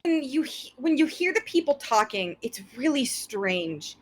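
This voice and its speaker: A woman running a tabletop game as game master, describing each scene in a loose, rambling way. Her voice sits fairly high. She talks things out as she goes. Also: very animated, unhurried, a little hiss or hum.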